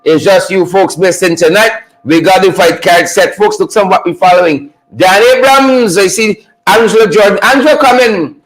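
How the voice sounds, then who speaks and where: High-voiced man hyping a live stream. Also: normal speed, low-quality recording. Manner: repetitive, hypes viewers with shout-outs. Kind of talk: energetic live-stream political talk.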